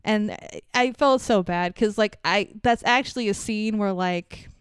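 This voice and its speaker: A woman casually recapping a movie on a podcast, animated, swearing freely and acting out the characters' lines. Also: mid-range voice, measured pace, smooth, no room sound, clean studio sound. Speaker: podcast co-host.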